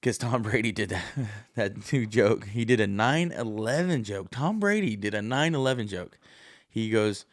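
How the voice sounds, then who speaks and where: A man's voice: fairly low pitch, animated, moderate pace, no room sound. A man hosting a podcast, talking in a profane, meandering casual monologue and acting out quoted voices. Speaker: podcast host.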